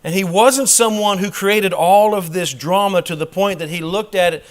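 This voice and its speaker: A man teaching a church Bible class in a preaching style, emphatic and dropping quick humorous asides. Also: high-pitched.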